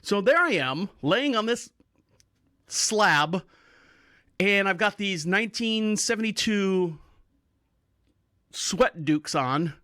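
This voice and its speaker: A man's voice: high-pitched, expressive, slow, long pauses, pushed and bright, no echo, studio quality. A middle-aged man hosting a podcast, telling rambling stories in a casual, joking way and often breaking into laughter. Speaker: podcast host. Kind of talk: casual storytelling monologue.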